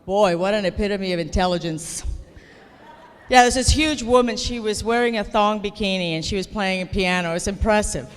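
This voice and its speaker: A woman's voice: medium pitch, moderate pace, clear, resonant tone. A woman giving a comedic keynote speech, telling playful, self-deprecating stories to an audience. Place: large hall before an audience. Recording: long hall reverb.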